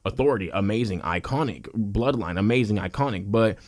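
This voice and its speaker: A young man with a fairly low voice rants about wrestling in a passionate, heated way. He presses his points over and over and trips over his words when he gets fired up. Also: brisk, a little mellow. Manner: heated, emphatic, stumbles and restarts often. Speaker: wrestling commentator youtuber. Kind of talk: passionate opinion rant.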